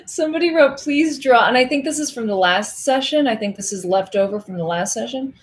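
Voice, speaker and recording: A woman's voice: a little high, animated, normal speed. Chatty woman hosting a casual livestream. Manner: chatty, laughs often, counts cards aloud while working. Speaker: livestream host.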